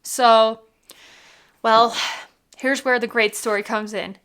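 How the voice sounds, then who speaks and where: A woman's voice: on the high side, fairly even intonation, slow pace, a bit bright, smooth. A woman hosting a casual whiskey vlog from home, bubbly and gushing, full of "like" and "literally". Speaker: whiskey vlogger.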